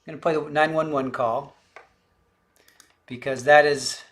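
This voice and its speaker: A man hosts a live court-commentary stream, speaking straight to his audience in casual, irritated tones. His voice sits a touch high. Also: steady tone, measured pace, fairly bright tone. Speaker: livestream commentator.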